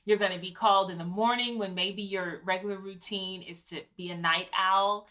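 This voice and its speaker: Woman, bright voice, casual conversational co-host, anecdotal. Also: mid-range voice, steady tone, normal speed. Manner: conversational, advice-giving, personal anecdotes. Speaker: co-host, Broadway actor. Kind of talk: casual chat.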